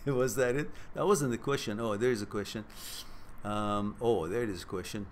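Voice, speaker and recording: A man's voice: on the low side, normal speed, a little hiss or hum. A man hosting a casual live-stream Q&A. He laughs often, teases his viewers and thinks aloud as he talks. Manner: thinks aloud, with fillers and restarts. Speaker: host answering viewer questions.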